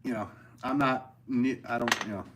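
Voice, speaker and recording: A man's voice: medium pitch, fairly even intonation, normal speed, a bit bright, highs cut off. A man, a potter hosting a livestream, talking loosely in a casual, rambling way and reading viewer comments aloud. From American Northeast.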